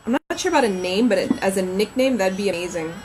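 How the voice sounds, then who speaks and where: A woman's voice: medium pitch, animated, fast, a little mellow, slight background noise, low-quality recording. A woman novelist chatting on a casual livestream from home, rambling and reading names aloud as she thinks.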